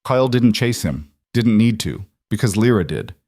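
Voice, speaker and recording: Low-voiced man narrating a dramatic story. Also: lively intonation, moderate pace, a little mellow, dry recording, studio quality.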